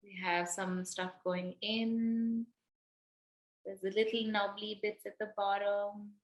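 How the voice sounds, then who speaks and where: Woman, facilitator, guided movement exercise, playful and coaxing, slow speech, roomy echo. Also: medium pitch, level tone. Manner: playful, coaxing, laughs often. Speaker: workshop facilitator.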